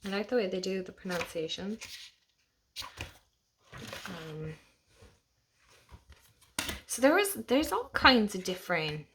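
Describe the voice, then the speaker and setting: A young Irish woman chatting casually as she walks through a tarot deck, gushing and laughing, sometimes dropping to a soft whisper. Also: medium pitch, animated, slow, pauses often, slight background noise. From Ireland. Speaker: tarot channel host.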